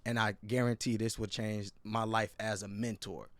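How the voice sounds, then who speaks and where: A man's voice: on the low side, level tone, moderate pace, no echo. A man hosting a podcast, talking as a restorative practitioner in an earnest, emphatic way and peppering his speech with slang. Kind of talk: casual podcast chat.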